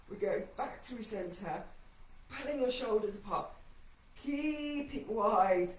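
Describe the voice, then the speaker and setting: A woman's voice: fairly high pitch, echoey room, far from the mic, poor audio. A woman instructor calling breathing cues through an ab workout while doing it herself, her voice a little shaky from the effort. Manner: encouraging cues paced to breathing, slightly breathless. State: shaky voice from exertion. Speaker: fitness instructor.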